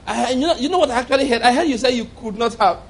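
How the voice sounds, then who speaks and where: A man preaching acts out a bewildered man who protests that his ears are failing him, his voice rising high as he argues. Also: rapid-fire, close to an everyday voice. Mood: incredulous. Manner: incredulous, protesting, rising pitch.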